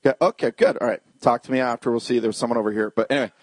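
Racing along in a medium-pitched, slightly rough voice with no echo, a man preaches a funny, story-packed sermon. He's animated, joking with the congregation and throwing questions at them.

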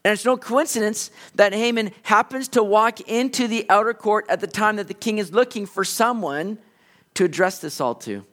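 A male pastor preaching, lively and conversational as he retells the passage. His voice sits notably high for a man. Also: moderate pace. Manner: animated storytelling, conversational. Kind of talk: expository sermon.

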